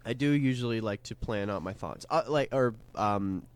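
A young man co-hosts a podcast in casual chat, speaking hesitantly with many fillers and restarts. His voice is fairly low in pitch and clean in tone, at normal speed.

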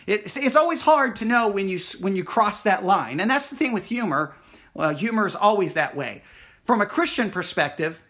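A Texas man hosting a Christian talk program speaks in a high voice. He rambles through an animated, loose, casual monologue, restarting sentences and leaning on fillers as he works through his points.

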